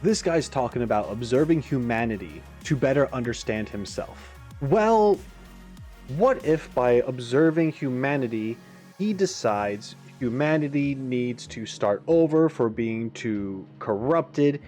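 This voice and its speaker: A man's voice: medium pitch, a little slow. Male reaction host, mid-range voice, chatty and musing, light music underneath. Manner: animated, musing, frequent asides. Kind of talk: casual commentary.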